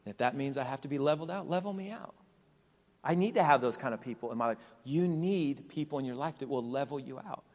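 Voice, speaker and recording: A male pastor preaching a sermon, repeating phrases with emphasis and swinging between loud and soft. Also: mid-range voice, fast talker, hardly any pauses. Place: large church hall. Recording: long hall reverb with soft music behind.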